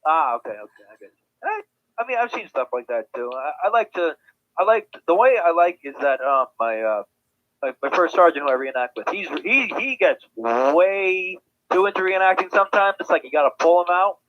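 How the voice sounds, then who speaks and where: A man's voice: high voice, animated, brisk. Guy chatting over lo-fi audio. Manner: chatty, stammers on restarts. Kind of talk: casual chat.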